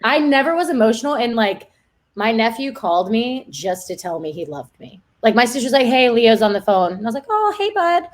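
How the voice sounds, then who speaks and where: A woman in her twenties chats as a guest, telling stories with a giggly, rambling "like"-filled delivery. Her voice sits fairly high and swings widely in pitch. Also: lively intonation, fairly quick. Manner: giggly, chatty storyteller, lots of "like". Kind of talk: casual chat.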